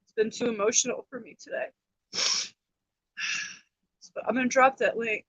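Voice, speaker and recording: A woman's voice: on the high side, fairly even intonation, normal speed, a bit bright, husky, no echo, poor audio. An emotional woman in her thirties, rambling on a personal livestream about her family, upset and close to tears. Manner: rambling, emotional, repeats herself. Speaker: livestream host.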